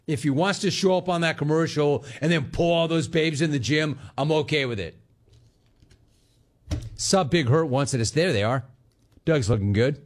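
Middle-aged male sports talk host, casual, jokey, animated storyteller, mid-pitched voice. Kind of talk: casual call-in radio talk.

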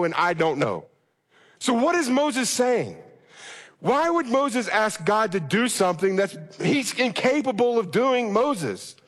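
A man preaching a sermon with passion, often acting out a pleading prayer. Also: sits high. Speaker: pastor. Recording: long reverb of a large hall.

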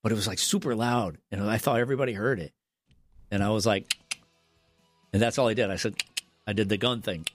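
A man's voice: on the low side, brisk, pauses often. A middle-aged man, a radio co-host, telling stories in blunt, wry casual banter.

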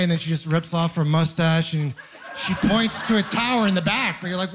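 A man's voice: sits high, brisk, crowd noise, background noise. A young man performing a stand-up comedy set on stage, telling stories and acting out both sides of his dialogues. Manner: animated storytelling, acts out both sides of dialogues. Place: comedy stage with a live audience.

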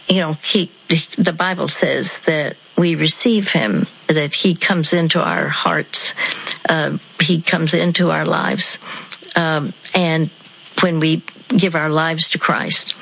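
A woman radio counselor calmly guiding a caller through a slow breathing exercise on a faith call-in show. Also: fairly low pitch, creaky, breathy edge, poor audio.

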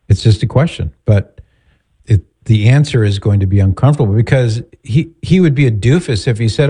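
Calm, direct man giving advice. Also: lowish voice, a little fast, husky. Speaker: advice show host. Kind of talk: advice talk.

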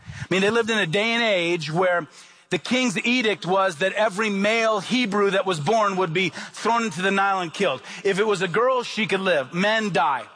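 Male pastor, high voice, emphatic sermon delivery with rhetorical questions and repetition. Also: a bit bright.

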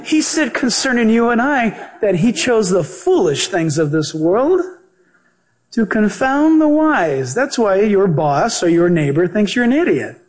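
A male pastor and Bible teacher preaching a sermon in an animated, joking way, acting out the voices he quotes. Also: sits high, measured pace.

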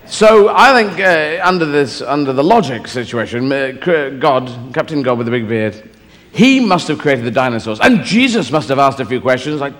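A man doing a rambling, halting stand-up routine on a live stage recording with room noise. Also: medium pitch, sing-song, a bit bright, in a large hall. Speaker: stand-up comedian.

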